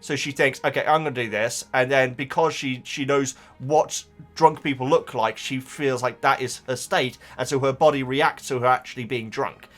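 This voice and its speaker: A man's voice: medium pitch, steady tone, moderate pace, hardly any pauses, a bit bright, faint music behind. A man chatting casually as a YouTuber, reading viewer comments with rambling, stammered restarts. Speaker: YouTuber reacting to book comments.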